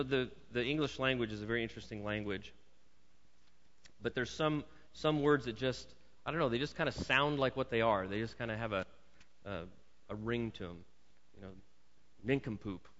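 A man's voice: on the low side, fairly bright tone. A male pastor preaching a sermon in a conversational way, with jokey asides and words often repeated. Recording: dull sound in a long-reverb hall.

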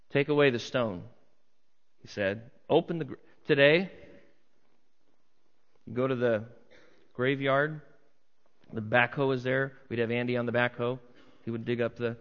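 A man's voice: medium pitch, fairly bright tone. Man preaching in a reverberant hall. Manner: conversational, acts out crowd voices. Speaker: pastor. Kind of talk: sermon. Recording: muffled sound with long hall reverb.

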